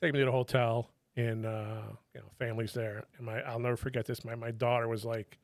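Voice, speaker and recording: Speaking a little fast at medium pitch, a middle-aged ex-federal agent recounts casual stories with animation. He swears freely and voices the people he quotes, and the studio-quality audio has no room sound.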